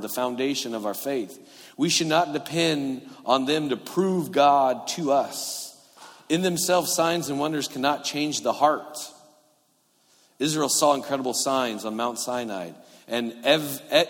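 A middle-aged man preaching a sermon as a pastor, conversational, swinging between loud emphasis and quiet asides. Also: medium pitch. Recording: long reverb of a large hall.

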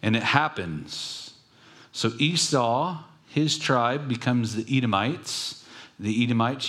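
Male preacher with a lowish voice, conversational and wry. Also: a bit bright. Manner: conversational, jokey asides. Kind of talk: casual sermon storytelling.

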